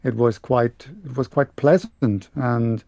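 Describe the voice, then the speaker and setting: Bavarian German man, mid pitch, dry close mic, stop-start casual talk, lots of restarts. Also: steady tone, vocal fry, mellow, no echo. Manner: halting, many restarts and repeated words. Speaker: podcast co-host and audiobook narrator. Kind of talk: casual chat.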